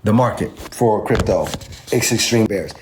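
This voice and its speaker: A man's voice: fairly low pitch, measured pace, a little hiss or hum. Emphatic man teaching crypto charts. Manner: emphatic, repeats numbers, asks the audience to agree. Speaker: crypto trading instructor. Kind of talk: informal chart walkthrough lesson.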